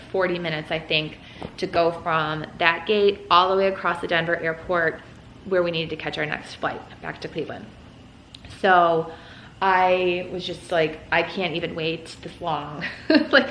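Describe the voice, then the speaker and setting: Young woman vlogger, bright voice, slightly low pitch, chatty storytelling, roomy echo. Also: a little hiss or hum. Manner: chatty, lots of "like" and "um". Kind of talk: casual storytelling while folding laundry. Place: room at home.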